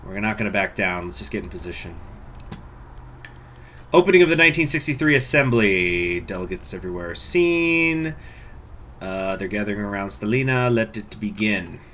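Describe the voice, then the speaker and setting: A man commentating a strategy game playthrough, chatty and excitable, reading the game's text aloud. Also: fairly low pitch, normal speed, long pauses, slight background noise. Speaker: gaming channel host. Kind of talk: let's play commentary.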